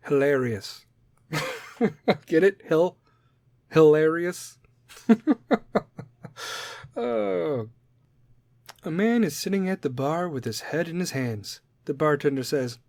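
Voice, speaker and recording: A man's voice: fairly high pitch, animated, slow pace, pauses often, darkish tone, no room sound. A man hosting his own podcast, talking casually in a brash, profane, joking way. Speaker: podcast host.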